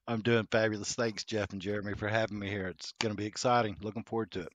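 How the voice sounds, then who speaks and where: Low-voiced man in his fifties, hesitant. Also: fairly even intonation, fast, no room sound. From Georgia, US. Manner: hesitant, with many ums and restarts. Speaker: podcast guest. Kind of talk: casual interview storytelling.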